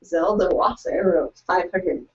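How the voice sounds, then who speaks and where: A woman's voice: on the low side, unhurried, recorded from a distance. A young woman co-hosting a live online writing session, chatting casually and reading out excerpts in an upbeat, plain voice. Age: young adult. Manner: upbeat, reads quotes in a plain voice. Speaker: co-host of a virtual writing event. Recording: muffled, from away from the mic.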